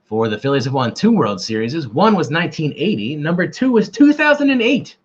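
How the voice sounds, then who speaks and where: A man's voice: a little high, sing-song, a little fast. Guy running a stream quiz, jokey and self-deprecating, bouncy voice, muffled sound. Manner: joking, rambling, self-deprecating. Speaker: quiz host. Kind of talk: casual livestream trivia hosting. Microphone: camera mic. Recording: dull lo-fi livestream audio.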